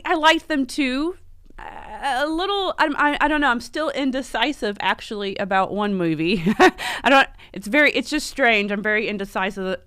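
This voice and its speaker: A woman hosting a casual live stream, chatty and rambling, full of fillers and quick self-corrections. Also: high voice, a bit bright, smooth, no echo, studio quality. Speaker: livestream host. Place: home in Las Vegas.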